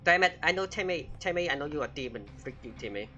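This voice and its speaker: A man narrates his gameplay in a jokey, casual way, often crying out and bantering with the characters. His voice sits a little high and sounds bright and forceful. A faint hiss of noise runs under the recording. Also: animated, fast talker, muffled recording. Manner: jokey, exclaims and talks back to the game. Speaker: gamer.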